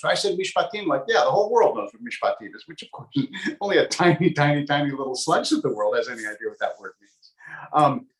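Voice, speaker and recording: Roomy-sounding rabbi teaching Torah. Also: male voice, fairly high pitch. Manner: thoughtful, digressive, with frequent ums and wry humor. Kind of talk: conversational teaching. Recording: roomy echo.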